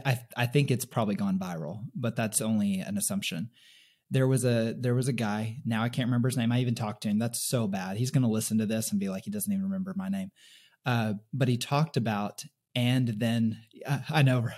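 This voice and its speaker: A man hosting an interview, talking casually with frequent stammering restarts. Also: medium pitch. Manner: warm, chatty, stammering restarts. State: emotional, sniffling. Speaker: podcast host.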